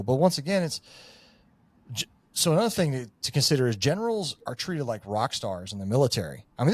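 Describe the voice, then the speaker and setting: A middle-aged man in a relaxed podcast conversation, rambling and swearing as he goes. He leans on fillers like "you know" and "like", and the recording is dry, with no room sound. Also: mid-range voice, no echo. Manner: rambling, profane, full of fillers. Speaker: podcast guest, former Marine Raider.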